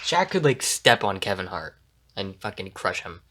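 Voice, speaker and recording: A man's voice: sits low, very animated, moderate pace, a bit bright. A man co-hosting a casual podcast, swearing freely and laughing often. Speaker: podcast co-host. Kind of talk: casual chat.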